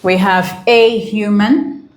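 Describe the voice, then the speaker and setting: A woman's voice: mid-range voice, steady tone, takes it slowly, echoey room. A woman teaching an exam-prep English lesson, repeating key points and checking in with "okay?".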